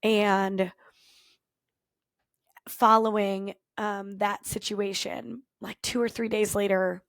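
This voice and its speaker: A woman podcast host and culture coach telling a personal story in an earnest, reflective way, with thoughtful pauses. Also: mid-range voice, flat delivery, creaky, no room sound, clean studio sound. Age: former teacher, adult.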